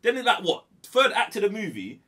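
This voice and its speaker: A young man, co-hosting a casual movie review chat, animated and slangy, repeating himself for emphasis. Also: sits high, a little fast. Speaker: podcast co-host.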